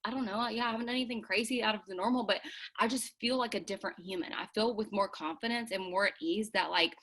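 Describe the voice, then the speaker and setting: Young woman, bright voice, chatty, filler-heavy, encouraging team leader. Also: medium pitch, fast talker. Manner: casual, chatty, lots of "like"; encouraging, earnest. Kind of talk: motivational team call. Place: home.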